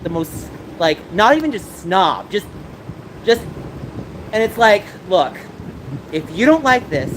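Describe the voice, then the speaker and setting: A man livestreaming while walking city streets, talking passionately and ranting to his chat, with a sore throat and coughs. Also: sits high. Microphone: handheld game console mic. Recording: loud wind noise on a handheld device.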